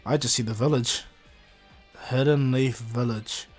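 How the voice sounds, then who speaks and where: A man's voice: medium pitch, fairly even intonation, measured pace, a little mellow, slightly rough, soft background music. A man voicing a blunt, serious young male ninja who speaks dryly.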